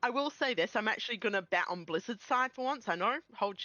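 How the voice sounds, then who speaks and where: A woman co-hosting a casual gaming chat, animated and swearing, laughing often. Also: fairly high pitch, quick pace, no echo, dull audio. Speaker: co-host.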